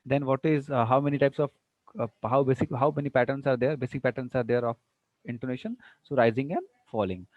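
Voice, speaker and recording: A man with an Indian English accent teaching an online English class, explaining slowly and asking the students whether they follow. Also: medium pitch, no echo. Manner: explains slowly, mixes in Hindi words, asks students if clear. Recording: muffled, lo-fi audio.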